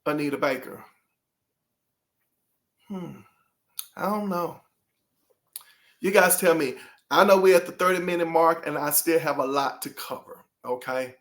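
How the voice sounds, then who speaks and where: A man's voice: a little high, unhurried, pauses often, fairly bright tone. A man hosting his own channel, talking casually and rambling to his viewers, throwing out rhetorical questions. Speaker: channel host.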